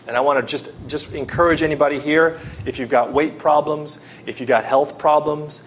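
Animated male preacher, slightly high voice. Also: moderate pace, a little hiss or hum. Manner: animated storyteller, swings from loud to hushed. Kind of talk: sermon with personal story.

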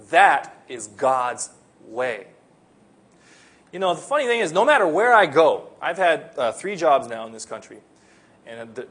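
A man's voice: mid-range voice, fairly bright tone, slightly rough. A man from the Philippines, preaching a sermon in an earnest, conversational way. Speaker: pastor.

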